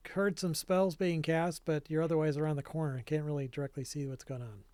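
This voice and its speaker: A man running a tabletop game as game master, narrating in a relaxed way with fillers and chuckles. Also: a little high, a little fast.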